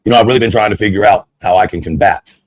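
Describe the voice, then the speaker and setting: A man's voice: fairly low pitch, rapid-fire, dry recording, dull audio. A man streaming online, chatting at length to his viewers in a rambling, casual way. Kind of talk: casual livestream monologue.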